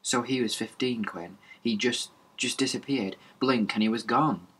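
Man doing a steady, easygoing teenage boy. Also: medium pitch, normal speed, breathy edge. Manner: easygoing, reassuring. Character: steady teenage boy, the group's calm leader.

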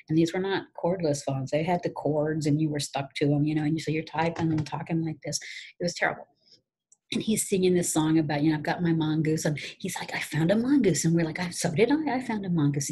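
A middle-aged woman, a teacher, telling a casual, animated story to her students in a chatty way. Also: low voice, slightly rough, rough recording. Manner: animated, chatty, repeats phrases, acts out shouted quotes.

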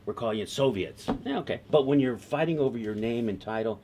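A middle-aged man, a TV writer being interviewed, telling stories in a lively, conversational way and laughing easily. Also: medium pitch, fast talker, a little hiss or hum. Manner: animated, laughs easily, slips into quoted voices. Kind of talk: conversational storytelling.

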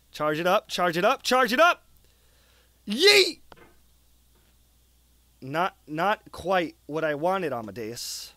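Excitable young man, high lively voice. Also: dry recording. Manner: excitable, swings from muttering to yelling; swears, talks to the character. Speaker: gaming YouTuber. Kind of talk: gameplay commentary.

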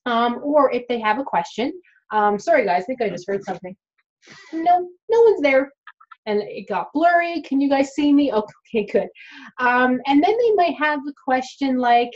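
A woman's voice: sits high, expressive, moderate pace, highs cut off. A woman, a dental hygienist, talking casually and frankly to the camera and addressing her viewers directly.

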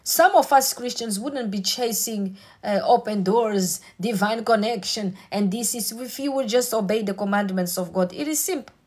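A woman's voice: medium pitch, normal speed, hardly any pauses, darkish tone, husky. A woman preacher delivering a sermon with emphatic, repetitive exhortation.

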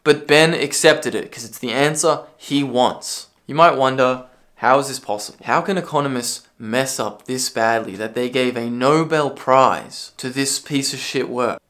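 A man in his own commentary video, ranting with a sarcastic, profane edge. His voice sits at an ordinary middle pitch, and his delivery swings from dry mockery to sudden bursts of shouting. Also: unhurried, few pauses. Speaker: political commentary video creator.

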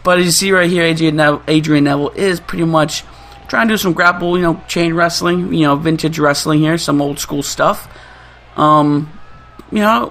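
A young man hosting a gaming channel, giving excitable, trash-talking gameplay commentary and laughing often. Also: a little high, slight background noise.

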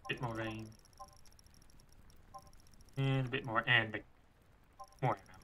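A man's voice: medium pitch, steady tone, takes it slowly, bright, forceful tone, a little hiss or hum. A man streaming a video game and thinking aloud as he plays, chuckling and restarting his sentences. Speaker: gaming streamer. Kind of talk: let's play commentary.

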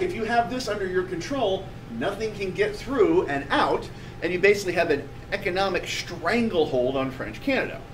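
A man teaching a history class in a chatty, animated way, pointing things out on a map as he talks. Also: sits high. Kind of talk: classroom lecture. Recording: distant mic with faint room noise.

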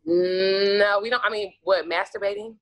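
A woman's voice: medium pitch, steady tone, a little slow, fairly bright tone. A woman guest telling stories in casual, profane chat, acting out her own past lines and laughing often.

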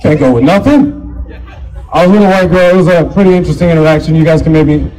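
A man's voice: fairly high pitch, quick pace, rough recording. A young man doing a stand-up comedy set on stage, working the crowd and acting out voices. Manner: animated crowd work, acts out voices. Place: comedy stage before a live audience. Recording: live crowd laughing. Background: audience laughter.

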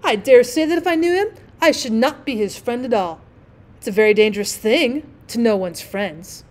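A haughty, self-important rocket, vain and sure of his own greatness, as a woman puts him on in a storybook reading. He speaks up high and firmly. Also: expressive, moderate pace, darkish tone, close to an everyday voice. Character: pompous conceited male firework rocket.

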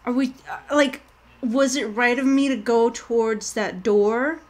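A female gaming streamer gives live commentary on her gameplay, chatting with her viewers in a rambling, jittery way that keeps tipping into panic. Her voice is on the high side, and she speaks at a measured pace.

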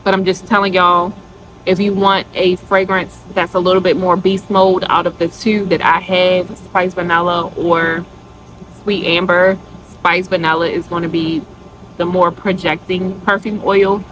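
A woman's voice: fairly low pitch, little pitch movement, unhurried, background noise. A woman vlogger chatting casually to her viewers in a product review, gushing and calling them y'all.

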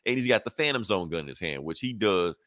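A man's voice: low-pitched, lively intonation, fast talker, a bit bright, no echo, clean studio sound. A man co-hosting a podcast, retelling a comic plot in loose, slangy chat and quoting the characters. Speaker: podcast co-host. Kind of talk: casual comic recap.

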